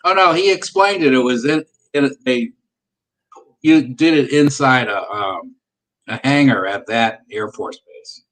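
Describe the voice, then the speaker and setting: A man's voice: mid-range voice, measured pace, a bit bright, rough recording. A man co-hosting a casual podcast, relaying a claim with hesitant fillers and restarts. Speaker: podcast co-host.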